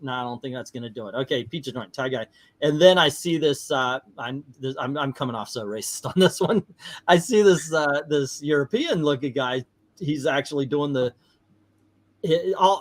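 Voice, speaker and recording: Man telling rambling stories on a livestream. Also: mid-range voice. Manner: rambling storyteller, laughs often. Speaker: livestream host. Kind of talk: casual livestream chat.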